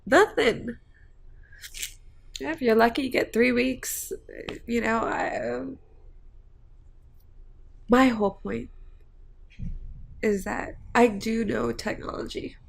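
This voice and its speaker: A woman's voice: fairly high pitch, steady tone, takes it slowly, vocal fry, long pauses. A woman vlogging about her family and hopes, rambling and heartfelt with many fillers. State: tearful at times. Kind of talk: emotional personal vlog.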